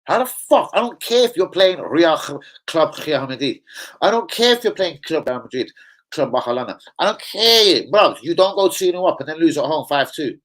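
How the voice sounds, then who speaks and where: Swearing, slangy football fan host. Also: male voice, fairly high pitch, normal speed, poor audio. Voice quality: profane, animated, slang-heavy. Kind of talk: casual livestream chat.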